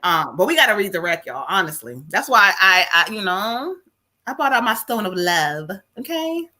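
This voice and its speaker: A middle-aged woman hosting a live stream as a psychic medium, casual and loud, with lots of exclamations and laughter. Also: medium pitch, big pitch swings, moderate pace.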